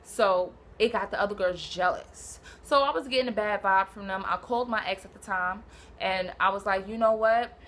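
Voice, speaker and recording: A young woman from Brooklyn, telling a personal story in a casual, animated, slangy way and acting out what people said. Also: mid-range voice, moderate pace, a little hiss or hum. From Brooklyn, New York. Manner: animated, swearing, slangy, acts out quotes.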